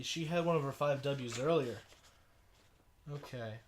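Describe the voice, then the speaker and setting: Young male vlogger, stuffy runny nose, loose halting delivery with many fillers. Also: medium pitch. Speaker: video blogger. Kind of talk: casual commentary reading a sibling's schoolwork.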